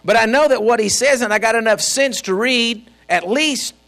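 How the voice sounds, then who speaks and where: A man's voice: very high-pitched, moderate pace, fairly bright tone. A man preaching a sermon as pastor, fiery and folksy, with joking asides. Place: church.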